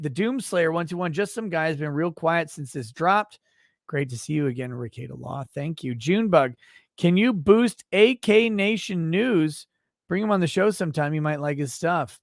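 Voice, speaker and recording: A man's voice: fairly high pitch, lively intonation, normal speed, no echo, clean studio sound. A middle-aged man hosting a casual late-night livestream, reading viewer messages aloud with loose, profane joking.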